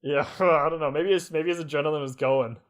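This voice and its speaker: A man's voice: on the high side, steady tone, a little fast. A young man co-hosting a casual podcast with friends, laid-back and chuckling. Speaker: podcast co-host. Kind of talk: casual chat. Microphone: headphones on, home podcast mic.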